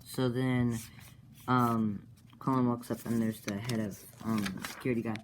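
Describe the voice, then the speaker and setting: A man casually retelling the plot of his own comic, halting, with many fillers and self-corrections. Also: medium pitch, level tone, noisy background.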